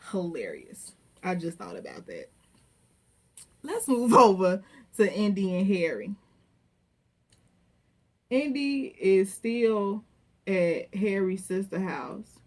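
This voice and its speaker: Woman, casual recap, profane, animated, mid pitch. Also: takes it slowly, pauses often. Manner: animated, profane, acts out quotes with laughter. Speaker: reality TV recapper.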